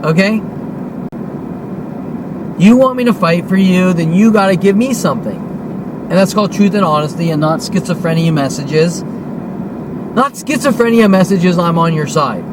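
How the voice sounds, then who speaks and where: A man's voice: high voice, expressive, unhurried, long pauses, background noise. A man of about fifty delivering a heated, accusatory monologue, swearing often and repeating himself. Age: 50s. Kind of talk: agitated monologue rant to camera.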